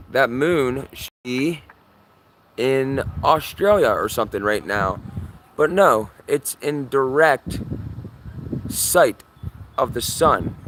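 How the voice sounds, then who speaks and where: An excitable man talks outdoors in his yard at a middle pitch, filming live on a handheld phone. His talk is urgent and full of repeats as he keeps pointing things out. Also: a little hiss or hum. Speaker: livestreamer. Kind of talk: live sky-watching commentary.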